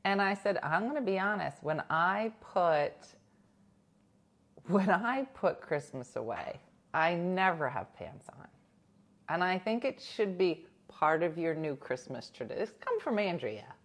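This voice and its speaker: A woman's voice: fairly low pitch, sing-song, a little slow. A woman hosting a casual live chat from home, telling stories with quoted voices, laughing often and talking to viewers. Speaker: livestream host reading chat. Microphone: new desk mic.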